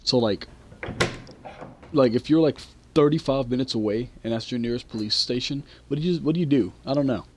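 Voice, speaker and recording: A man's voice: mid-range voice, brisk, a little mellow. A man giving casual gameplay commentary, reading dialogue choices aloud and joking about them. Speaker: gaming YouTuber.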